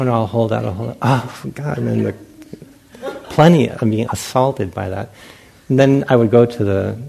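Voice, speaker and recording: A meditation teacher giving a dharma talk, his man's voice low with a gravelly edge. He tells stories against himself and acts out his old thoughts, laughing as he goes. The talk is given at a meditation center. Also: mellow. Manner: self-mocking storyteller who acts out his own past thoughts, often laughing.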